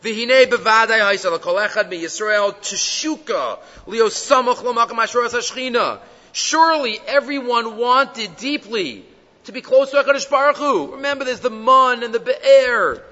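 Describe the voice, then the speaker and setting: A man teaching the weekly Torah portion, animated and full of rhetorical questions, reading Hebrew quotes and explaining them in English. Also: very high-pitched, normal speed. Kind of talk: Torah lecture. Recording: dull lo-fi recording in a reverberant hall.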